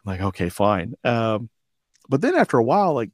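A man in his forties, a veteran guest on an interview show, tells lively anecdotes and acts out the dialogue with frequent chuckles. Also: medium pitch, brisk, dry recording, studio quality. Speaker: podcast guest, army veteran. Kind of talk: storytelling interview.

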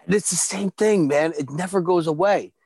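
A man in casual chat, halting and stammering with frequent swearing. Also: high-pitched, darkish tone, husky, no echo.

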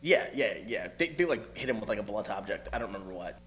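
A man's voice: on the low side, expressive, fast talker, fairly bright tone, slight background noise. A man telling a rambling movie story in a casual podcast chat, full of fillers and laughing asides.

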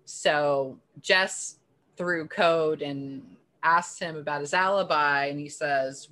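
A woman with a somewhat low voice chats through a show recap on a podcast. She talks casually, full of "like" and dry sarcastic asides. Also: slow, bright, forceful tone. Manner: chatty, sarcastic, frequent "like" fillers. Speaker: podcast co-host.

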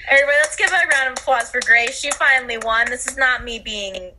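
A woman's voice: a little high, background noise. A young woman co-hosting a podcast in casual chat, teasing and laughing at herself. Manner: teasing, laughing, self-deprecating. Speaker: podcast co-host.

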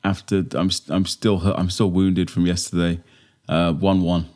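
Man, podcast co-host, casual, halting, restarts a lot, lowish voice. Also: little pitch movement, darkish tone. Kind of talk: casual fan podcast chat.

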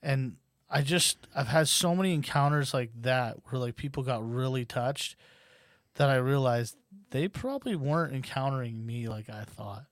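A man guest telling a personal story casually, with many fillers and animated quotes. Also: mid-range voice, moderate pace, no room sound, clean studio sound.

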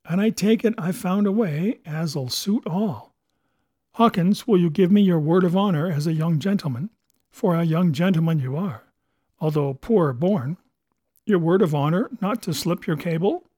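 A man's voice: high-pitched, normal speed, warm tone, dry recording. A man voicing a shrewd, wheedling pirate cook who speaks in a folksy sailor's dialect. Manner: folksy sailor's dialect, coaxing then roaring.

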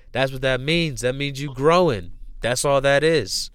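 A man's voice: mid-range voice, unhurried, smooth, no echo. A young man hosting a podcast, talking casually and emphatically, with lots of slang, swearing and repetition. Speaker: podcast host. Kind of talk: casual motivational talk.

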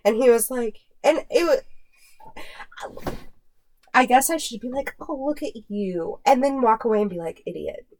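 Animated, laughing woman hosting a podcast. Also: a little high, normal speed, pauses often. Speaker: podcast host. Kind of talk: casual chat.

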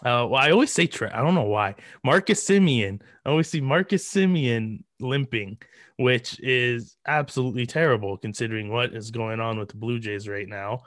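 A man hosting a sports podcast, chatting casually with halting speech and many fillers. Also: medium pitch, fairly bright tone, no echo, studio quality. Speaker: podcast host.

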